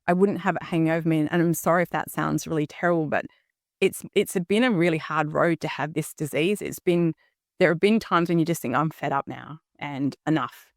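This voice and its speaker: A woman's voice: sits low, steady tone, a little fast, no room sound, studio quality. A woman, hosting her own podcast and talking earnestly and candidly, with frequent ums and "okay?" check-ins. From Australia. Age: 50s. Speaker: podcast host. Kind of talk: personal solo podcast talk.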